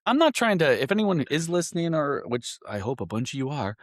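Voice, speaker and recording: A man's voice: on the high side, very animated, fairly quick, no room sound, clean studio sound. A man who teaches, hosting a podcast and talking directly and conversationally with his guest. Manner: direct, conversational, self-deprecating asides. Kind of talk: podcast interview.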